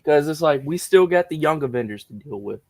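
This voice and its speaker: A man's voice: a little high, lively intonation, brisk, gravelly, darkish tone, no echo. A man joining a casual movie podcast as a guest, slangy and emphatic in his opinions. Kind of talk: casual movie chat over a video call.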